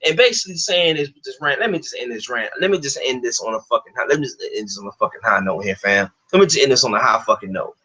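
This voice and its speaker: A man's voice: mid-range voice, lively intonation, quick pace, few pauses, sharp tone, breathy edge, poor audio. A man vlogging a heated, profane rant, repeating himself and swearing constantly. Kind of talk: profane ranting monologue.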